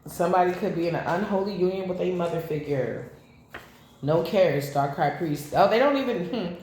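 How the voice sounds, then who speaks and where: A woman's voice: fairly low pitch, normal speed, a little mellow, a little hiss or hum. A woman giving a casual tarot reading to camera, blunt and profane, drifting into rambling asides. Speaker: tarot reader. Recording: very echoey room.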